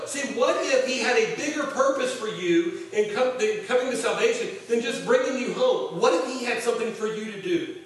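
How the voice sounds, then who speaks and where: Guy preaching to a crowd, chatty and acts out voices, super echoey big room. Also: extremely high pitch. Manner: conversational, acts out quoted voices. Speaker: pastor. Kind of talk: sermon. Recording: echoey hall, voice from far off.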